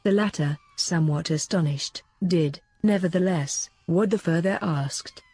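A woman narrating an old religious book in a steady, measured voice. Her tone is dark and mellow with a husky edge. The sound is dry and close. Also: lowish voice, no echo. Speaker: reader.

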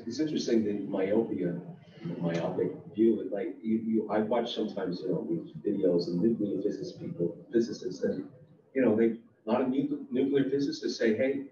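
Rambling man with a mellow voice. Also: on the low side, normal speed. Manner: animated, rambling. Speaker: audience member. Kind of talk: audience comment at a library talk. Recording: roomy, distant, muffled with faint noise.

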